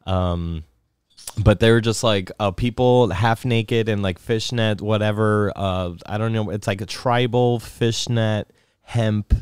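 A man's voice: fairly low pitch, fairly even intonation, measured pace, clear, resonant tone, no echo. A man telling a rambling, profane story in a casual podcast chat, acting out what people said. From Miami area. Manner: rambling, profane, acts out quotes loudly. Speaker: podcast co-host.

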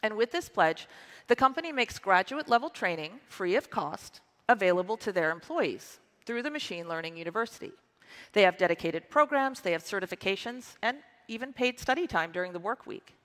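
A woman's voice: medium pitch, animated, brisk, fairly bright tone. Woman in her forties, upbeat keynote speaker, emphatic, echoing conference hall. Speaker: conference presenter.

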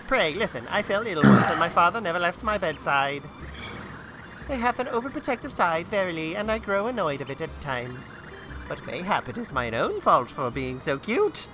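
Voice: mid-range voice, sing-song, moderate pace, background noise, natural voice. A let's-play gamer reading a young winged princess's game lines aloud in mock old-fashioned speech. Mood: haughty.

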